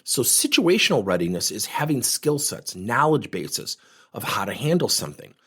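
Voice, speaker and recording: A man's voice: medium pitch, sing-song, normal speed, a bit bright, husky. A middle-aged man coaching on workplace conversations, telling stories with energy and animation. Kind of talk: podcast monologue with acted anecdotes.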